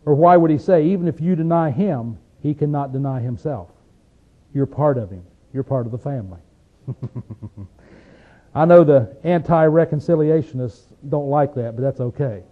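A man with a Southern hillbilly accent preaching a folksy sermon, asking rhetorical questions and reading scripture slowly. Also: a little high. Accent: Southern American hillbilly. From Appalachian region, USA. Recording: tinny phone-like recording.

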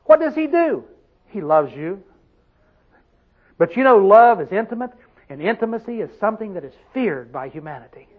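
Man, high voice, preacher, emphatic sermon, questions to congregation, muffled recording. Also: very animated, moderate pace, long pauses.

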